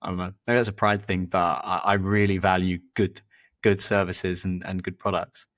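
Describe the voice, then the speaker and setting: Rambling man, fairly low voice. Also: moderate pace. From England. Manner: rambling, repeats words, lively when telling anecdotes. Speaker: podcast host and performance coach. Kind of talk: casual conversational storytelling.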